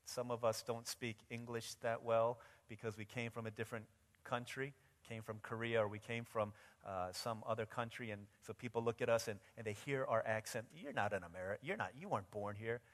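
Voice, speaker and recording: A man's voice: mid-range voice, a bit bright. A man pastor delivering a sermon with vivid, dramatic storytelling. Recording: long reverb in a large hall.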